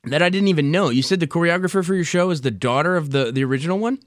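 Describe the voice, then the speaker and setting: A man hosting an interview, chatty and quick to laugh, stumbling into his questions. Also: a little high, no room sound, studio quality. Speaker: interviewer host. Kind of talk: casual interview.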